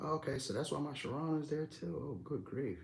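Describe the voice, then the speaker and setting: A young adult man hosting a live stream, chatting casually and answering viewers' comments by name in a relaxed, slangy way. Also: fairly high pitch, brisk, creaky. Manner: laid-back, slangy, talks to viewers by name.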